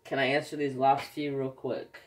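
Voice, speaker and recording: Man, craft vlogger, casual chat, storytelling, mid-range voice, animated. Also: mid-range voice, moderate pace, slight background noise. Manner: chatty storyteller, animated when telling anecdotes.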